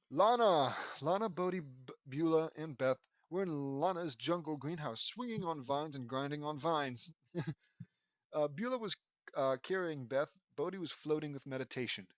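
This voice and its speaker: A man's voice: a little high, animated, normal speed, no echo, clean studio sound. A man reading his own fan fiction aloud, casual and rambling, stumbling over names and breaking off to comment. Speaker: audiobook reader and author.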